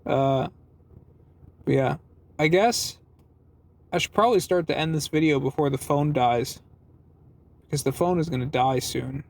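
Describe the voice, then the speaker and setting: A man's voice: fairly high pitch, a little slow, vocal fry, pauses often, a little hiss or hum. A young man rambling through a casual, self-deprecating vlog from his car, recorded on a phone. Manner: rambling, self-deprecating, lots of fillers and swearing. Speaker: vlogger. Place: parked car.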